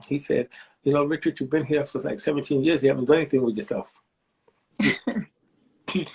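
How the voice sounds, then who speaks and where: A man in his sixties, a library director, telling stories in an interview and acting out the voices of the people he quotes. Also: husky. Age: 60s. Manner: animated storyteller, acts out quoted voices with big pitch jumps. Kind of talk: storytelling interview.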